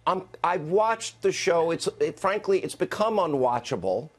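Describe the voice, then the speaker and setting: A male TV interview host with a somewhat high voice. He speaks in a combative, opinionated way, stacking up points one after another. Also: lively intonation, normal speed.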